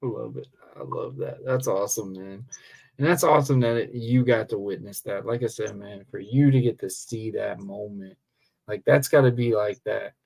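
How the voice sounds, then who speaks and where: A man's voice: fairly low pitch, normal speed, gravelly, a little mellow. A man, a pro wrestler guesting on a podcast, chatting casually and enthusiastically, rambling and often saying "man.".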